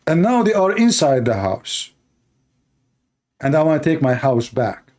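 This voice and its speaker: Heated non-native English commentator, dark voice. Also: male voice, fairly high pitch, big pitch swings, unhurried. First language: Arabic. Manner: scornful, heated, broken English phrasing. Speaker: commentator reacting to a clip. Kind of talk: angry video commentary.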